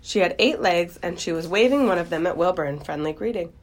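A woman reading a children's book aloud in a gentle, expressive storytelling voice. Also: on the low side, a little fast.

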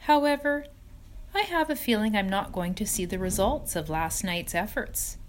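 A woman's voice: medium pitch, expressive, moderate pace, a little hiss or hum, close to an everyday voice. A woman doing a weak, weary wise spider. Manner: gentle, quiet, slipping to a whisper. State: weak, tired voice. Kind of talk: storybook reading.

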